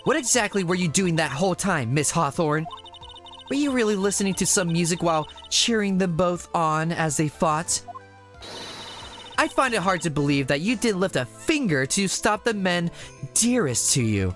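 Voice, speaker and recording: A man's voice: high voice, lively intonation, normal speed, a bit bright, soft background music. A man voicing a poised woman defense attorney, pressing a witness in a cool, pointed way. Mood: accusing. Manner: cool, pointed cross-examining.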